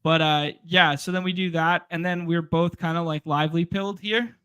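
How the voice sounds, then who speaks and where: A man co-hosts a relaxed podcast, mostly chiming in with short replies and easy laughs. His voice is bright and crisp. The sound is dry and close. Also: fairly high pitch, normal speed, dry recording, muffled recording. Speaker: podcast co-host. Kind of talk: casual chat.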